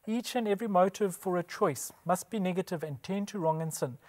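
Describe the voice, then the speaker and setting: A man's voice: sits high, a little fast, a little mellow. A man giving a scripted religious presentation, emphatic, posing rhetorical questions and answering them himself. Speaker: Bible presenter.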